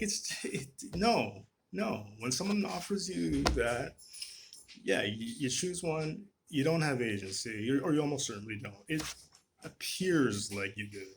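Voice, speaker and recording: A man's voice: medium pitch, expressive, slow pace, vocal fry, noisy background. A man delivering a casual, profane rant on camera, exasperated and full of restarts. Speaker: vlogger.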